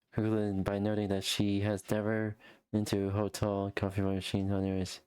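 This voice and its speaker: A woman's voice: rumbling low, darkish tone, clean tone, dry recording, clean studio sound. A woman streamer reacting on a live stream, casually, swearing a lot, with frequent fillers and restarts.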